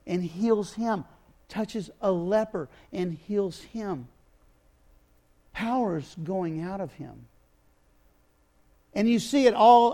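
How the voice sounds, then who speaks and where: A man with a notably high-pitched voice delivers a sermon as a lively storyteller. He acts out the people in the story, going from loud, emphatic bursts to quiet, intimate asides. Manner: dramatic storytelling, acting out biblical dialogue with swings from loud to hushed. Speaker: preacher.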